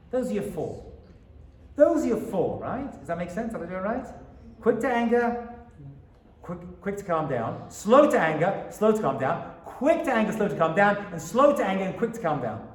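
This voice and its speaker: A man, a rabbi, giving an animated Torah lecture to a live audience, often asking them questions. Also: sits high, roomy sound, far from the mic.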